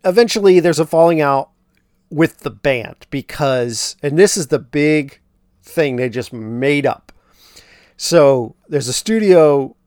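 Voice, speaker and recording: A man's voice: medium pitch, a little mellow, smooth, no room sound. Chatty man recapping a movie, dry sound. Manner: chatty, fillers, asides on what really happened. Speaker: podcast host. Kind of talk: casual film recap.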